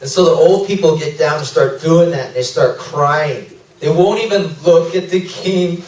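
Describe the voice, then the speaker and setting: A man telling a mission story at a church fellowship in an animated way, laughing through the emotional parts. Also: a little high, moderate pace, far from the mic. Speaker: missionary speaker. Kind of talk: testimony talk at a fellowship. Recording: echoey room, speaker away from mic.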